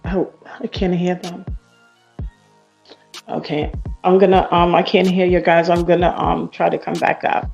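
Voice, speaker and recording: A woman's voice: fairly low pitch, flat delivery, a little slow, creaky, long pauses, darkish tone, muffled recording, soft background music. A woman calling in to a livestream, repeatedly asking whether she can be heard. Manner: unsure, repeating connection checks. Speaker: caller. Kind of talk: casual livestream call-in.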